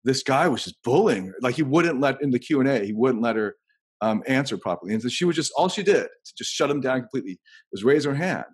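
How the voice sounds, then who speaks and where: A man's voice: mid-range voice, expressive, fast, slightly rough. A man hosting a casual podcast conversation, rambling and thinking aloud as he tells anecdotes.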